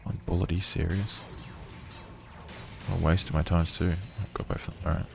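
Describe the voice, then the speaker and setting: A man with a croaky voice giving casual, chatty gameplay commentary on a livestream, with jokey asides to viewers. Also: sits low, level tone, moderate pace. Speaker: game streamer. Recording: game music under voice. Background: game music.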